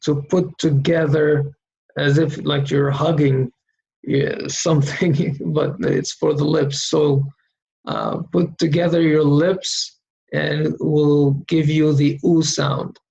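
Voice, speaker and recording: A man's voice: fairly high pitch, level tone, slow pace, gravelly, darkish tone, highs cut off. A man teaching how to read Arabic letters, patiently sounding out single syllables for the learner to repeat. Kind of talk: slow recorded lesson drilling syllables.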